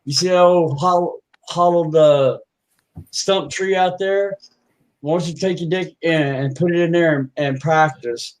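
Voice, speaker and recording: A man voicing a brash city slicker pitching a scheme in a persuasive, fast-talking way. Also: lightly acted, low-quality recording. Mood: scheming.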